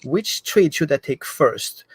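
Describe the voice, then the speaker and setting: Dog trainer guy, lively, explains stuff, kinda high voice, dead dry room. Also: slow, husky, no room sound. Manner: animated, acts out the dog's thoughts. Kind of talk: explanatory talk.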